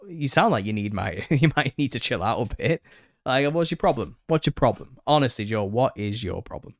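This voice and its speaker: A man hosting a live Q&A stream, reading viewer comments and answering them with exasperation and laughter, his voice a little raspy. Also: mid-range voice, lively intonation, normal speed, dry recording, studio quality. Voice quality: slightly raspy. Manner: reads out chat comments and retorts, exasperated, laughing. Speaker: channel host answering viewer questions.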